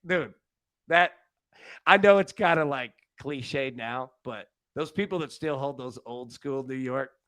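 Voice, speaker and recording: A man's voice: mid-range voice, measured pace, hardly any pauses, fairly bright tone, dry recording. A man hosting a live sports betting show, rambling and joking with frequent restarts. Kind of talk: casual live show chat. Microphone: studio mic on a live stream.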